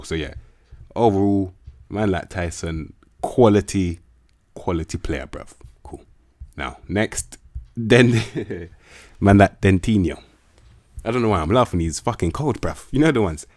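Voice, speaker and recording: A man's voice: low voice, no echo, studio quality. A young man giving casual, slang-heavy game commentary and swearing freely as he hypes up players. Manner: slangy, swears a lot, animated hype. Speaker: gaming video host.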